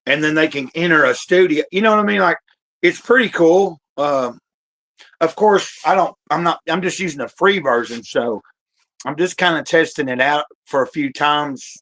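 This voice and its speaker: A man with a slightly high voice hosts a laid-back livestream from home. He rambles, restarts his thoughts and fills pauses with "uh" and "like", talking into a computer mic. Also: a bit bright, poor audio. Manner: rambling, halting, many fillers and restarts; talks while eating, occasional coughs. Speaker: livestream host. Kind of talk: casual livestream chat.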